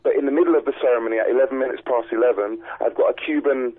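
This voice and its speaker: A man's voice: mid-range voice, steady tone, rapid-fire. A male guest on a radio show, speaking earnestly and with many hesitations. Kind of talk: radio interview. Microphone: telephone. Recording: tinny phone line.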